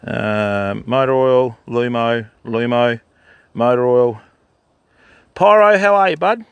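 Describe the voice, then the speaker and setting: A man's voice: mid-range voice, slow, clean tone, no echo, muffled recording. An older man hosting a fishing livestream by a river, chatting casually and greeting viewers by name. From Australia. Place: outdoors by a river.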